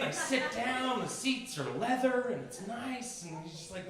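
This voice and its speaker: A man in his thirties with a high voice tells a rambling, self-mocking stand-up story. He is in a very echoey club, and the crowd laughs loudly and often behind him. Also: normal speed. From Maine, USA. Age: 30s. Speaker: stand-up comedian. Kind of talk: stand-up comedy set. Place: comedy club stage before a live audience. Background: audience laughter.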